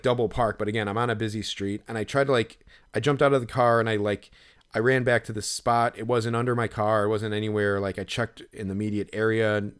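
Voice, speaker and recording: This co-host's voice sits on the low side with a clean tone. His long, rambling podcast story is packed with fillers and swearing, and he gets animated retelling what went through his head.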